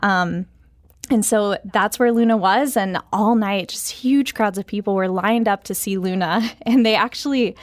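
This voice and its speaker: A young adult woman radio reporter, telling a story in a casual, lively way with fillers during a studio interview. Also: medium pitch, dry recording.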